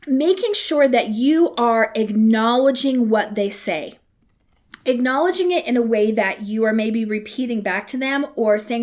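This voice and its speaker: Candid, chatty woman, a bit high. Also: animated, a little slow, darkish tone. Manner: candid and conversational, with playful asides. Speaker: podcast host. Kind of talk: casual teaching talk.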